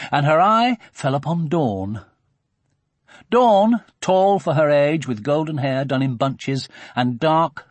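A man narrating a children's audiobook in a husky, expressive storytelling voice. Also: on the high side, no room sound.

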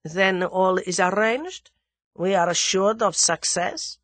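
A woman reading aloud, voicing a soft-spoken, sibilant, dangerous conspiracy leader. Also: medium pitch, slow pace, dry recording. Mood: cold.

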